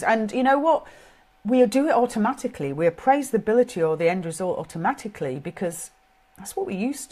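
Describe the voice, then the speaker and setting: Speaking in a mid-range, somewhat mellow voice, a middle-aged woman with British English speech delivers a casual but sincere talk on parenting. As a coach, she reasons aloud while she goes.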